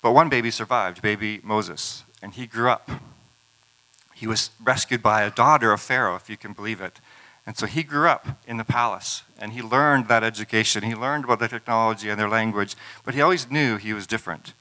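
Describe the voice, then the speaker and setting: A man's voice: on the low side, brisk, bright, forceful tone, rough recording. A man preaching a sermon, retelling scripture stories in a conversational way with casual asides.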